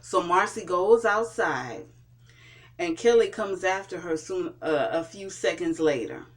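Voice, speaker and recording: Slow, halting TV recap vlogger. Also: medium pitch, lively intonation. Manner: hesitant, with frequent fillers and restarts. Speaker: TV show reviewer. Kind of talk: casual episode recap and review.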